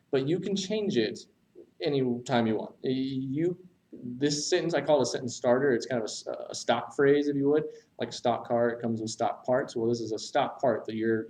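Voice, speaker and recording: A man's voice: mid-range voice, darkish tone, recorded from a distance, poor audio. Guy teaching essay writing, talks while writing on the board, stops n fixes himself a lot. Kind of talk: recorded writing lesson.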